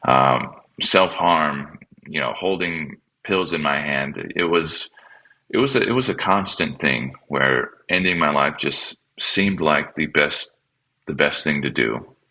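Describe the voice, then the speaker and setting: A man, a pastor and podcast guest, telling his personal story in a halting, reflective way and often repeating words as he restarts. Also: extremely low pitch, expressive, sharp tone, rough recording. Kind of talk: personal testimony in conversation.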